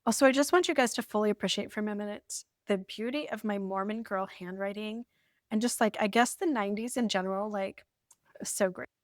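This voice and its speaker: Woman, 40s, from the US, wry journal storytelling, jumpy pitch, dry. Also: a little fast, dry recording. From United States. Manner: wry and lighthearted, with sudden lifts of pitch. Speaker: vlogger. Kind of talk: storytelling while reading from an old journal.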